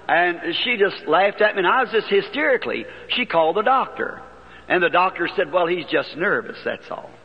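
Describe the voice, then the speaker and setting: A preacher tells his story with folksy earnestness, his voice sitting high for a man and carrying a husky edge. The archival recording sounds dull and muffled, and his words ring out through a large auditorium with a long echo. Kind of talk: sermon testimony storytelling.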